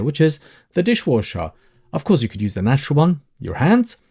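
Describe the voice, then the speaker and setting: A man's voice: medium pitch, dark tone. A man teaching a language lesson, patiently repeating example phrases and explaining them step by step. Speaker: Arabic teacher.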